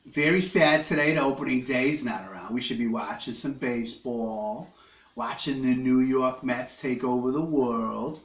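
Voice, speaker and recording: A man's voice: medium pitch, a bit bright, roomy sound. A man hosting a casual live stream from his living room, joking crudely with viewers while he eats. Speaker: livestream host. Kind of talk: rambling casual live chat.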